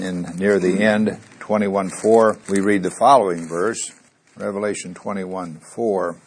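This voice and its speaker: A middle-aged pastor from Missouri, USA leads a Bible study in a lowish, breathy voice. He reads verses aloud with mounting emphasis and puts questions to the room.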